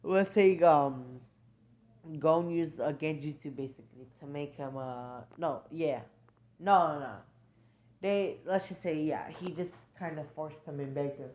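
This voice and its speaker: A woman's voice: low-pitched, a little slow, darkish tone. A woman improvising a fan-fiction story, rambling and hesitant, correcting herself often. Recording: dull lo-fi recording.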